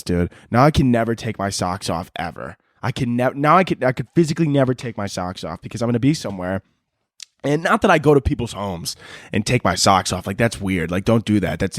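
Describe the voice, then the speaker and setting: A man hosting a casual solo podcast, ranting in a sarcastic, profane, mocking way with quick asides. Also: fairly low pitch, no room sound, clean studio sound. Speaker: podcast host.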